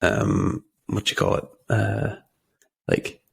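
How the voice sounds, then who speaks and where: A man co-hosting a podcast in casual chat, hesitant and searching for words, with a gravelly voice. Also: fairly low pitch, sing-song, takes it slowly. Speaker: podcast co-host.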